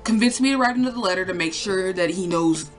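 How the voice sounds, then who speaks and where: A woman's voice: mid-range voice, quick pace. Young woman, casual storytime vlog, rambling, lots of swearing and fillers, faint music underneath. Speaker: vlogger.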